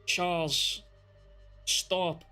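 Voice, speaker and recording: A young man live streaming, reacting to chat messages with excitable, heavily profane talk. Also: sits high, very slow, clear, resonant tone, faint music behind.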